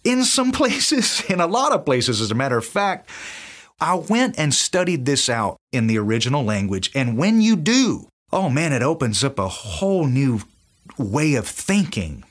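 A Southern-accented preacher teaches from the Bible at normal speed, his medium-pitched voice making big pitch swings. He is enthusiastic and acts out the quoted dialogue.

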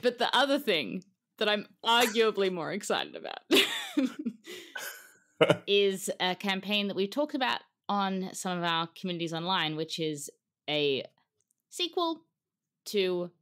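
A woman's voice: mid-range voice, very animated, a little slow, pauses often, fairly bright tone. A woman co-hosting a board game podcast, chatting casually and laughing between sentences. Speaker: podcast co-host. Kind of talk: casual chat.

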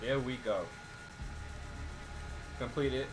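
A man's voice: mid-range voice, fairly even intonation, drawn-out words, music in the background. A man giving casual, joking gameplay commentary as a gaming YouTuber, talking straight to his viewers.

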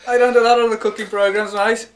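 A young man playing a cheeky flatmate full of matey banter, in naturalistic indie film dialogue. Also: high-pitched, quick pace, a little hiss or hum, close to an everyday voice, low-quality recording. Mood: teasing. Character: cheeky young English lad in a London flatshare. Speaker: new car yard worker and flatmate.

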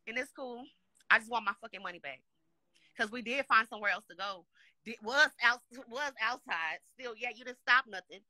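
On a live show, a guest from Dallas, Texas launches into an angry, profanity-laced rant in a high, bright voice at rapid speed. She's upset and heated, repeating "you know what I'm saying" again and again. The sound is dry and close, with no room sound at all.

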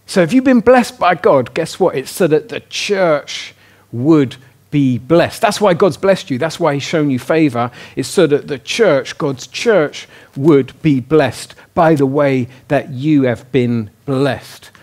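A man's voice: fairly high pitch, animated, slow, darkish tone. A man preaching a sermon in a casual, conversational way, often asking his listeners questions. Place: church hall.

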